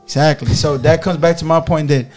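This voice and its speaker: A man's voice: fairly high pitch, steady tone, brisk, darkish tone, soft background music. A man co-hosting a casual group chat, talking emphatically with street slang. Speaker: podcast co-host.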